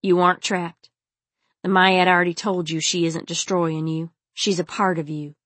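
A woman reading the part of a wise, calm man who speaks firmly and softly in an audiobook. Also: on the low side, moderate pace, dry recording. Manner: firm, soothing. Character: calm, wise adult male guide.

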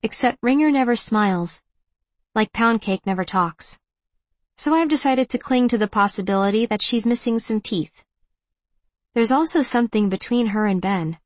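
A woman narrating a first-person audiobook in a reflective, measured way. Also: fairly high pitch, dry recording.

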